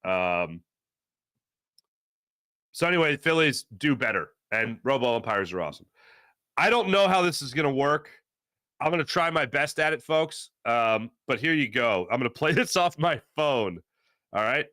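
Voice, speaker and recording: A man hosting a sports talk show, ranting with strong opinions and swinging between low grumbles and loud outbursts. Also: lively intonation, moderate pace, pauses often, dry recording, clean studio sound. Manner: mocking put-on fan voice at times. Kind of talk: opinionated sports radio rant.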